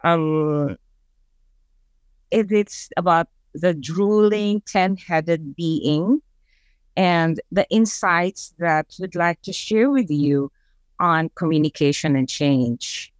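A woman's voice: lowish voice, takes it slowly, clean tone, no room sound. A woman with a Filipino accent giving a webinar presentation, telling stories and leading the audience in call-and-response syllables. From Philippines.

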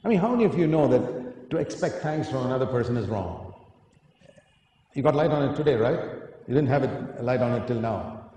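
A man's voice: medium pitch, lively intonation, fairly quick, pauses often, dark tone. A man preaching a sermon, earnest and emphatic, often asking his listeners questions. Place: large hall. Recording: echoey hall, faint noise.

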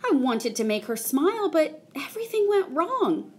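A woman voicing an eager, excitable little girl on an adventure. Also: moderate pace. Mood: earnest. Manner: high and excitable.

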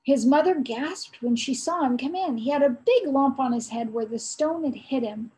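High-voiced woman reading a storybook. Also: mellow, rough recording. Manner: storytelling, pausing to quiz listeners. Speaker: aunt reading aloud to children. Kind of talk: reading a chapter book aloud.

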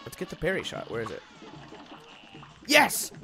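A young man doing casual, jokey let's-play commentary, rambling and breaking into loud outbursts when he fails. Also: medium pitch, wildly swooping pitch, racing, soft background music.

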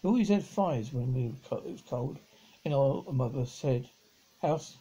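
A man's voice: medium pitch, lively intonation, moderate pace, mellow, breathy edge, rough recording. A man voicing an indignant, proud young boy in a storybook reading. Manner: indignant and eager.

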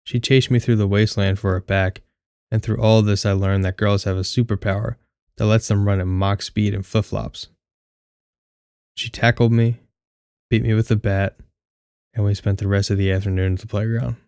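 A man's voice: on the low side, fairly even intonation, normal speed, a little mellow, clean tone, no room sound, clean studio sound. A young man reading his own first-person short story aloud, with a wry, candid, casually profane manner. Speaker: audiobook narrator.

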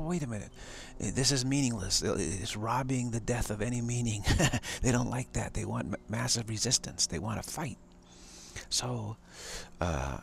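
A man's voice: medium pitch, vocal fry, fairly bright tone, a little hiss or hum. A man giving an emphatic spiritual talk on a live stream. He repeats phrases for emphasis and chuckles often.

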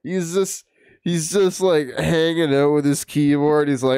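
A man's voice: on the high side, unhurried, a little mellow, clear, resonant tone, no room sound, studio quality. A man streaming live, reacting to a video with laughs, profanity and mocking asides. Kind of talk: casual live-stream commentary.

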